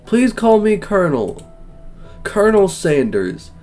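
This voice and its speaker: A man voicing a genteel old Southern gentleman in a dating game, with a drawling Southern US accent. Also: high voice, big pitch swings, a little slow, faint music behind, voice pushed up. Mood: courtly.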